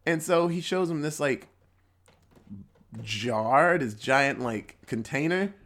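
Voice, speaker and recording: A man's voice: expressive, takes it slowly, fairly bright tone. A young man hosting a podcast, casually recapping a movie in a rambling way, correcting himself as he goes and swearing freely. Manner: jumps into higher voices when quoting characters. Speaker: podcast host.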